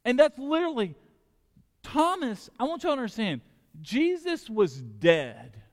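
A man preaching a sermon as pastor, animated, with quick restarts and acted-out quotes. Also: very high voice, in a large hall. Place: church sanctuary.

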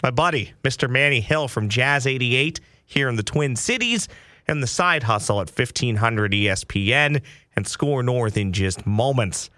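A man hosting a sports podcast, talking in an excitable, playful patter. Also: mid-range voice, moderate pace, no echo, studio quality. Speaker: podcast host. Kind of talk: casual sports podcast chat. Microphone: headphones with studio mic.

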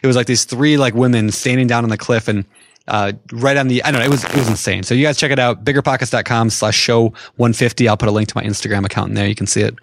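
A man's voice: mid-range voice, fairly even intonation, fast talker, dry recording, clean studio sound. A man from Minnesota co-hosting a podcast, chatty and enthusiastic. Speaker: podcast co-host. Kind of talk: casual podcast chat.

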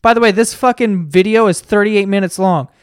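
A man's voice: high-pitched, brisk, smooth, no echo, studio quality. A man hosting a podcast, chatting casually in a profane, rambling, sarcastic way while he searches online. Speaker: podcast host. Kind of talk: casual comedic rant.

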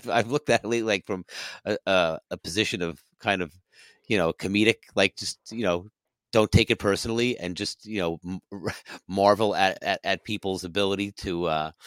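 A middle-aged man with a very low voice swaps music-scene stories in a relaxed podcast chat. He laughs easily and slips into little character voices when quoting people. The sound is dry and close, with no room echo. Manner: laughs often, acts out quotes in character voices. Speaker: podcast co-host. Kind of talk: casual chat.

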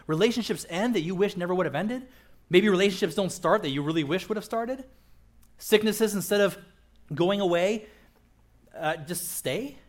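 A man preaching a conversational sermon as pastor, joking and often checking in with the crowd by asking "right?". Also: sits high. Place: church auditorium.

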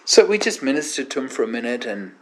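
A man, a guest minister, telling an animated anecdote in an interview, with many fillers and acted-out quotes. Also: mid-range voice, fast.

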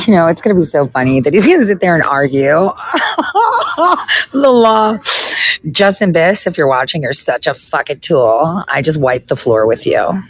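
A woman's voice: sits low, slightly rough, low-quality recording. A woman, a political podcaster, in a casual ranting monologue full of sarcasm, profanity and mocking asides.

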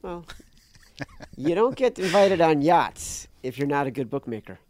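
A man's voice: a little high, sing-song, measured pace, darkish tone. Dry, sarcastic man on a podcast. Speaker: podcast co-host. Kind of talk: casual betting podcast chat.

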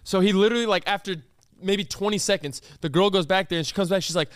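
A man's voice: high voice, fast, smooth, no room sound. A young man, a podcast host telling a story casually and animatedly with lots of fillers. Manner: animated, with many fillers and reenacted quotes.

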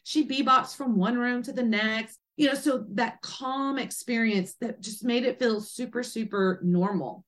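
A woman guest, an author and doula, telling a personal story with animated energy and acting out quoted speech. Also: fairly high pitch, a little slow, few pauses. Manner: lively, acts out quoted speech in a raised voice.

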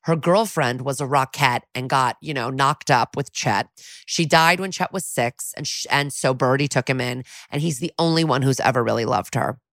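Low-voiced chatty woman, dry sound. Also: normal speed, a bit bright, no echo. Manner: chatty, quotes characters in a few put-on voices. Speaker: podcast co-host. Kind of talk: casual episode recap.

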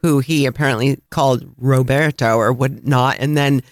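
A man with a Chicago accent, co-hosting a travel podcast and telling a lively anecdote with frequent laughs. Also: medium pitch, normal speed, no room sound, clean studio sound. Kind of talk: casual storytelling chat.

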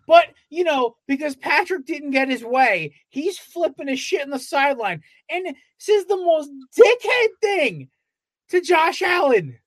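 A man's voice: very high-pitched, big pitch swings, a little slow, no echo. A man co-hosting a casual sports podcast, ranting with heavy profanity. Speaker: podcast co-host.

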